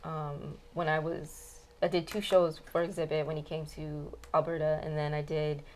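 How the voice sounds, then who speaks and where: Woman guest musician, low-pitched, rambling storyteller, casual chat in a studio lounge. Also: level tone, moderate pace, darkish tone, a little hiss or hum, poor audio. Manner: chatty storyteller, many fillers like "like" and "um".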